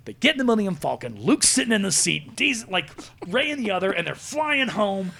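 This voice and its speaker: An excitable podcast host tells stories in casual chat from a studio, his voice swinging widely in pitch. It carries a noticeable gravelly fry and sits slightly higher than most men's. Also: a little fast. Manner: excitable storyteller, acting out scenes.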